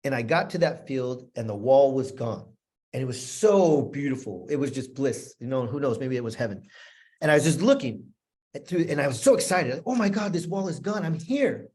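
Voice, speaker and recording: Man, motivational speaker, husky voice, earnest, repetitive, emotional storytelling, middle pitch. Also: expressive, normal speed, darkish tone. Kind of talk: personal storytelling talk. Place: room with a live audience.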